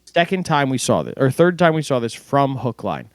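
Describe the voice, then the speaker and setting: A man co-hosting a casual sports recap over an online call, walking through the plays in a relaxed way. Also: medium pitch, normal speed, no room sound. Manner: relaxed, play-by-play recounting with fillers. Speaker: podcast co-host.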